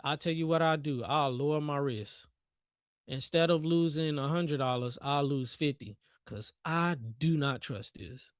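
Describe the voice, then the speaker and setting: Young male streamer, high-ish voice, slangy and playful, live trade-by-trade commentary. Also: unhurried, no echo, clean studio sound. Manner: playful, hyped, joking with chat, slangy. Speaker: trading livestream host.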